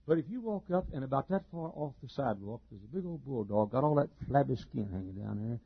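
A male pastor preaching a folksy, joking sermon, chuckling often and swinging between loud and soft. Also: medium pitch, animated, fast talker, gravelly, breathy edge. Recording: dull lo-fi sermon recording.

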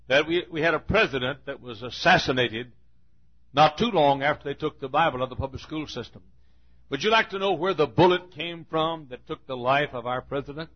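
A male pastor preaching a fiery sermon with dramatic pauses and repeated refrains. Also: fairly high pitch, muffled recording.

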